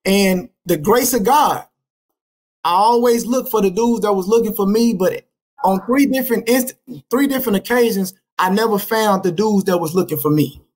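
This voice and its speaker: A man's voice: high voice, normal speed. Middle-aged dallas guy on a podcast, talks street slang, repeats himself and restarts a lot. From Dallas, Texas. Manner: slangy, repetitive street storytelling with many restarts. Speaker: podcast guest. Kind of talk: telling his life story in a casual interview.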